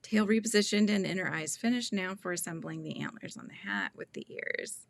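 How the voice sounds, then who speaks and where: A woman's voice: mid-range voice, fairly quick, vocal fry. A woman in her thirties hosting a casual crochet livestream, chatting and often laughing as she acts out quotes. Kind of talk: casual chat while crocheting, reading viewer comments.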